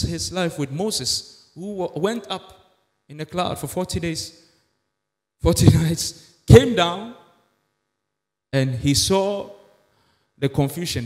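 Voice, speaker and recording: A pastor preaching a sermon in a church, emphatic with many rhetorical questions. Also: male voice, fairly high pitch. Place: church sanctuary. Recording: echoey church hall.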